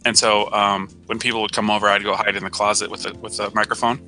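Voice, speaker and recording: A man hosting a live-streamed show in casual chat, joking and laughing often, with soft music behind. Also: fairly low pitch, flat delivery, quick pace. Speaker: show host. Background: soft background music.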